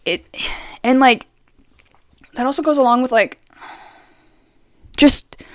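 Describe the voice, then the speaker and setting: A young adult trans man chatting casually as a vlogger, rambling and expressive, his voice going up and down, speaking very close to the mic. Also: very high voice, takes it slowly, no echo. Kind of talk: casual chat.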